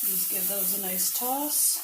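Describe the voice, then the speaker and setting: Woman, home cook vlogger, chatty and self-deprecating; roomy kitchen sound, pan sizzling loudly under her voice. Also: medium pitch, animated, measured pace. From not from the American South. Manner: chatty, self-deprecating, talks while cooking. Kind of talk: casual cooking vlog. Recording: echoey kitchen with frying noise.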